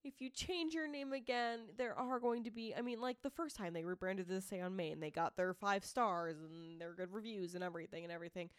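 A woman with a Boston accent co-hosts a casual podcast, chatty and quick to laugh, turning earnest for serious moments. Her voice sits at a middle pitch. The recording is dry and close, with no room sound. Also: clean tone, no room sound. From Massachusetts. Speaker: podcast co-host. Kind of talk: casual chat.

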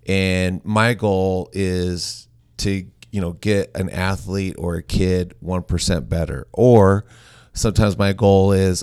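Deep gravelly man, dry sound. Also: darkish tone, dry recording. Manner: teasing, explains things plainly. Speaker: co-host and coach. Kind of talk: casual podcast chat.

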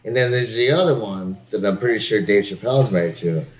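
A middle-aged man in casual chat as a podcast co-host, talking loosely and profanely, peppering his speech with "like" and quick laughs. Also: on the low side.

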